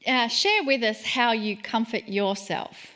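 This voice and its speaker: A woman's voice: fairly high pitch, expressive, a little slow, a bit bright. A woman hosting an interview, affirming her guest and asking open questions. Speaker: interview host. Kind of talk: interview conversation.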